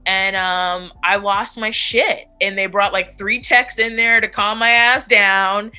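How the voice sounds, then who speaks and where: A woman's voice: medium pitch, steady tone, slow, sharp tone. A woman in her thirties telling her recovery story in an interview, blunt and frank, swearing freely between fillers. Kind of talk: candid personal storytelling.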